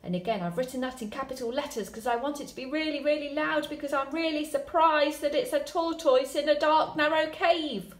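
A woman teaching a recorded lesson to young children, speaking slowly and clearly, reading her examples aloud with drama. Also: high-pitched. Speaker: primary school teacher. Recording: echoey room.

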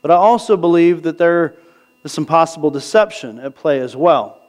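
Guy preaching in a church, kinda high voice, talks casual, slows way down for bible verses. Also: expressive, darkish tone. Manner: conversational preaching, asks the crowd "right?"; reads scripture slowly. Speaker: pastor. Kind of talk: sermon. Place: church sanctuary.

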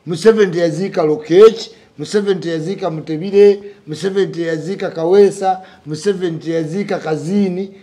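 A man chatting on a talk show, animated and storytelling, mixing English words into his speech. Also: high voice, fairly quick, few pauses. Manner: animated storyteller, mixes English into Luganda, often asks "okitegeera?". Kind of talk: casual political chat.

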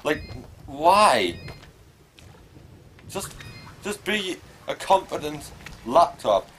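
A man giving casual let's play commentary, swearing and yelling at the game. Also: a little high, big pitch swings, drawn-out words, slight background noise. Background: faint game music.

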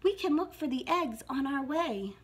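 A woman's voice: sits high, animated, normal speed, pitched above the performer's own voice. A woman voicing a kind, cheerful little male hedgehog in a children's storybook reading. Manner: bright, eager storybook voice.

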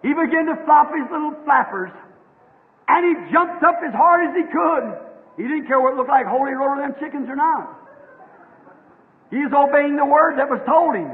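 Fervent high-voiced preacher on old tape. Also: male voice, expressive, moderate pace. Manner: fervent, rhythmic preaching that breaks into shouts. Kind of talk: revival sermon. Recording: tinny old tape in a long-echoing hall.

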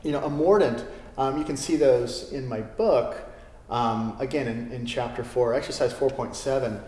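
A man giving a relaxed classical guitar lesson, with many fillers as he talks. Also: mid-range voice, normal speed, a little hiss or hum. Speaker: guitar teacher. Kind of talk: video lesson. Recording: roomy studio with long reverb. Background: classical guitar playing.

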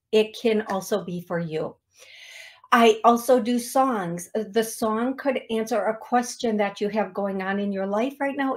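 A woman hosting a psychic medium radio show, chatty and self-deprecating, often laughing at herself. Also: medium pitch. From United States. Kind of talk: casual radio show talk.

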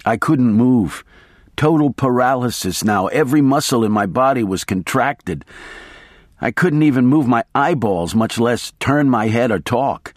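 A man's voice: medium pitch, lively intonation, measured pace, no echo, studio quality. Man reading a first-person audiobook. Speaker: audiobook narrator.

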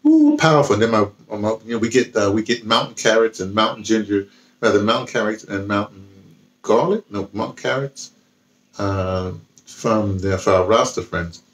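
A man's voice: on the low side, steady tone, moderate pace, a bit bright. A man chatting casually about books he has read, rambling and restarting often. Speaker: vlogger. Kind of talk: casual book talk with reading aloud.

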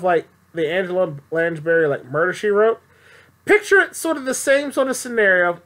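A man's voice: high-pitched, fairly bright tone. A young man chatting playfully and rambling as he plays a game show video game. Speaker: gameplay commentator. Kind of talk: casual gameplay commentary.

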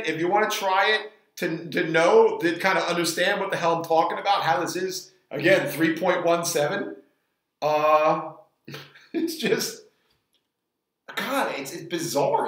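A man's voice: high voice, a bit bright. A man in his forties reviewing a frozen pizza in a casual vlog, rambling and restarting his sentences. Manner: rambling, halting, restarts often. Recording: roomy echo.

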